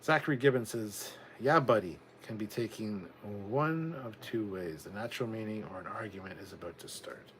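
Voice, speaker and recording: Low-voiced man chatting on a livestream. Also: a little fast, few pauses, slight background noise. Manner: chatty, rambling, reads viewer comments aloud; swears casually. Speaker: livestream host reading chat. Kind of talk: casual livestream chat.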